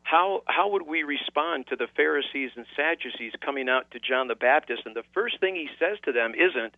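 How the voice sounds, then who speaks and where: A man's voice: mid-range voice, animated, moderate pace, hardly any pauses. A wry man debating on the radio, reading scripture aloud at length. His voice comes through a thin, phone-like line. The sound is dry, with no room echo. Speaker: radio host. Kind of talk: debate on a call-in radio show.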